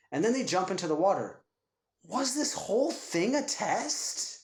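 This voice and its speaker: A man co-hosting a casual movie podcast, retelling scenes with lively acted-out quotes. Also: a little high, moderate pace. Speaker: podcast co-host. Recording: roomy echo.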